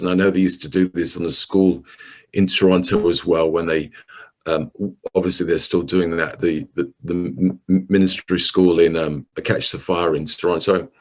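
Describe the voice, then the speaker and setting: A deep-voiced, middle-aged man preaches to a group on a video call. He tells the story in his own loose way, often repeating and restarting his words as he goes. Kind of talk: sermon over a video call.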